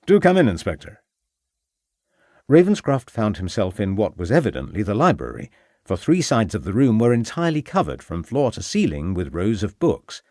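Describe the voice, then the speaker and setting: Male audiobook narrator, low voice, lively pitch, dry close sound. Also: brisk, dry recording. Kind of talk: scripted narration.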